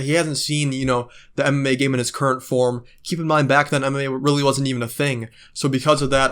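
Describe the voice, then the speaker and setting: A man's voice: mid-range voice, a bit bright. Brief: male vlogger, mid-range voice, rambling and heated, curses freely. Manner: ranting, profane, many fillers. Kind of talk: casual monologue.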